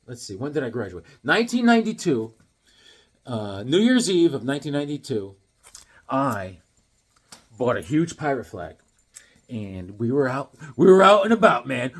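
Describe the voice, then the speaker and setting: A man chatting casually while showing comics, telling dad jokes and rambling stories. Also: mid-range voice. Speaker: comic collector.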